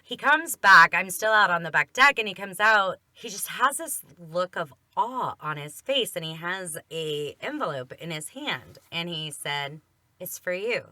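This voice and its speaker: Woman podcast co-host, earnest and emphatic, slightly low voice with a bright edge. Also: lively intonation, a little slow, no echo. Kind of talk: faith podcast storytelling.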